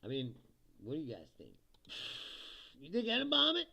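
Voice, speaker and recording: A man's voice: a little high, wildly swooping pitch, moderate pace, bright, forceful tone. A male comedian hosting a casual livestream, swearing, joking sarcastically and laughing often as he reads viewer comments. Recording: dull lo-fi stream audio.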